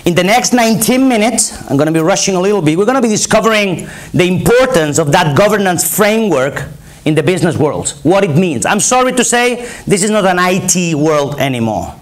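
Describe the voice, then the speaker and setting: Spanish-accented male keynote speaker, higher voice, emphatic and repetitive. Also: animated, brisk. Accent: Spanish, from Barcelona. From Spain. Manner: emphatic, repetitive, rallying the audience. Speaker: conference speaker. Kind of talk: conference keynote presentation. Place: conference hall.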